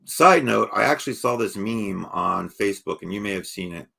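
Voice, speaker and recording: Gravelly, low-voiced man chatting casually. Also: expressive, normal speed, pushed and bright. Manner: laid-back, rambling, says "you know what I mean". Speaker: podcast co-host. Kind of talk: casual chat.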